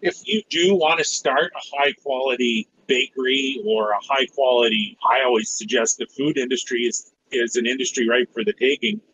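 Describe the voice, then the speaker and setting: A man's voice: mid-range voice, moderate pace, few pauses. A man in a casual podcast discussion, steering it back to practical advice. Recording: dull lo-fi mic with faint noise.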